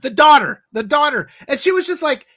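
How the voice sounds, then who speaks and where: Woman co-host, high and bright, animated rambling chat. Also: brisk. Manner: animated, rambling, laughs often. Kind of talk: casual chat.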